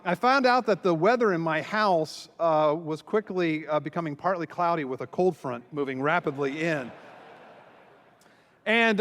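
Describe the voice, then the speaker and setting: At a conference in a large hall, a pastor tells a story to the audience with plenty of energy, acting out the lines he quotes. His voice is a little high and somewhat bright, and the recording carries the hall's long reverb.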